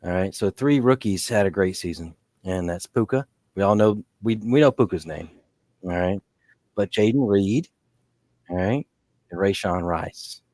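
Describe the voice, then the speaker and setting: Male podcast co-host, deep-ish voice, loose rambling delivery, dry recording. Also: measured pace, a little mellow, no echo. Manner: rambling, full of restarts and fillers. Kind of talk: casual fantasy sports chat.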